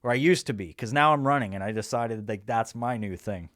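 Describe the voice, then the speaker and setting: A man's voice: medium pitch, a little fast, fairly bright tone, no echo, studio quality. A man hosting a podcast, rambling through a crude, sarcastic comedic monologue full of restarts. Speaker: podcast host.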